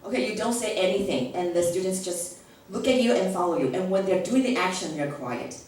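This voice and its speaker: A woman's voice: fairly low pitch, lively intonation, a little fast, a little mellow, slight background noise. Woman coaching teachers in an echoey room. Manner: frequent checking "okay?"; acts out classroom phrases. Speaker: teacher trainer. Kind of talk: workshop lecture to teachers. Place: large echoey classroom. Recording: echoey room recorded from far off.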